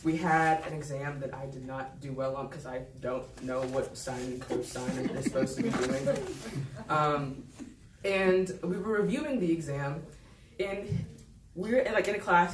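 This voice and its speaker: A woman's voice: deep voice, normal speed. A young woman telling a personal story at a live story slam, self-deprecating and laughing between lines. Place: event hall with a live audience. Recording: echoey hall, distant mic, noisy.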